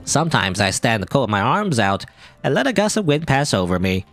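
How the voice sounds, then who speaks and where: A man voicing a shy, mild male lizard creature in a video game, speaking softly. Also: mid-range voice, very animated, a little fast, soft background music.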